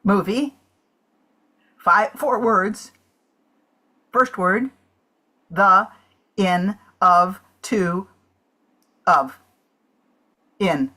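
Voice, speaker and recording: Slow, breathy, bright-voiced woman. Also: mid-range voice. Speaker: improviser.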